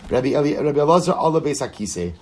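A man's voice: a little high, big pitch swings, racing, darkish tone. A man teaching a Talmud class, reading Aramaic lines aloud and translating them, with many rhetorical questions and repeated phrases.

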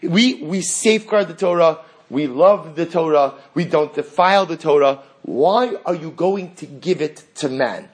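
A man teaching a Talmud class in an animated way, acting out the exchanges he reads and asking rhetorical questions. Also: on the high side, unhurried, hardly any pauses, slightly rough.

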